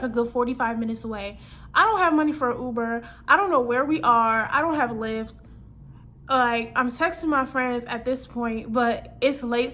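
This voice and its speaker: A woman's voice: sits high, sharp tone. A woman in her twenties telling a personal story in a casual storytime vlog, chatty and slangy, acting out her own lines and other people's. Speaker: vlogger.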